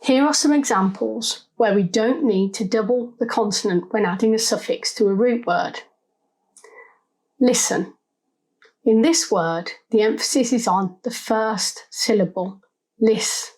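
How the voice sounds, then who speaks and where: A woman giving scripted spelling lessons, sounding out syllables slowly and deliberately. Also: a little high, a little mellow, low-quality recording. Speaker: English spelling teacher. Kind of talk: scripted instructional narration.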